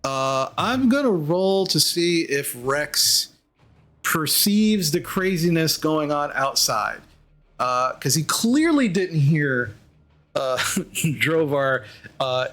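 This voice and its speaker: Acting as game master for a tabletop game, a man narrates in a relaxed way, filling his speech with lots of fillers. His voice is a little high.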